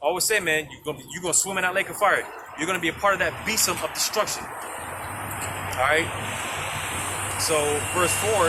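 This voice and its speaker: A man's voice: a little high, moderate pace, long pauses. A man preaching on the street, dropping "man" and "you know" between lines and reading scripture aloud in old-fashioned wording. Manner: reads scripture aloud in King James wording. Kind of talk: outdoor street sermon. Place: outdoors on a street. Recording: street noise and passing vehicles.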